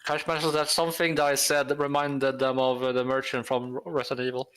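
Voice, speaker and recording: A man talks casually on a stream with a halting delivery, repeating words as he hunts for them. His voice sits at an ordinary middle pitch. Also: monotone, a bit bright, clear, resonant tone.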